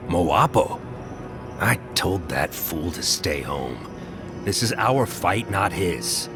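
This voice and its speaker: An actor playing a gruff male trapper in a game, blunt and scornful. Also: low-pitched, big pitch swings, slow pace, heavily acted. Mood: hostile. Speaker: game character. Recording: game audio over music.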